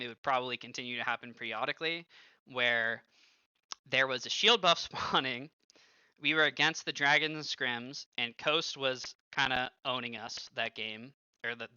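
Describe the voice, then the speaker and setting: A young man in his twenties, a streamer and former pro gamer, telling animated stories full of filler words and cursing. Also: mid-range voice, clear, resonant tone, dry recording. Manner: animated storytelling, heavy use of filler like and swearing. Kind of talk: casual stream commentary. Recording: dull lo-fi, dry close sound.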